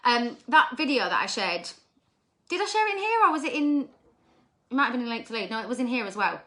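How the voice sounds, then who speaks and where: Bright, emphatic woman coaching her team. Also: on the high side, quick pace. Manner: energetic, emphatic, repeats points with frequent "okay?" and "like". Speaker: sales team leader. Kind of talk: motivational team talk.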